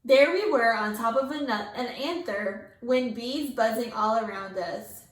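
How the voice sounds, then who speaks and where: A woman teacher reading a picture book aloud to her class, with lively character voices. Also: a little high, measured pace. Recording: echoey room.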